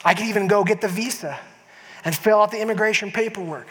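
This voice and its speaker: A man's voice: high voice, fast talker, fairly bright tone, a little hiss or hum. A man preaching a sermon as a pastor, conversational with frequent restarts and emphatic asides to the congregation. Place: church sanctuary. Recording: long church hall reverb.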